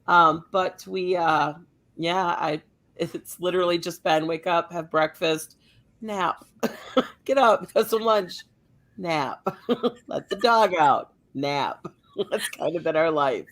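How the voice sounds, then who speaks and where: Hoarse woman with a cold, giggling. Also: on the low side, slow, a bit bright. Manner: joking, giggly. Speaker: podcast co-host. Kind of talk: casual chat.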